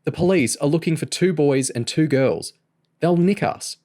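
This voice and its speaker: Male narrator as a sharp-tongued teen boy, pitched up. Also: moderate pace, close to an everyday voice. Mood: mocking. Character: cheeky teenage boy, quick-tempered.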